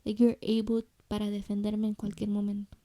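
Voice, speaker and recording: On her solo podcast, a young adult woman talks fast in a monotone mid-range voice, recounting a personal story with slang and bits of Spanish. She often drops into a soft whisper, and the audio has no echo.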